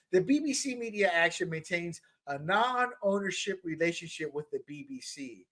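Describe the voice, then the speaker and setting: A middle-aged man co-hosting a political talk show, animated and often repeating words as he builds a point. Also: high-pitched, moderate pace, few pauses. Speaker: podcast co-host. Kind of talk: political commentary chat.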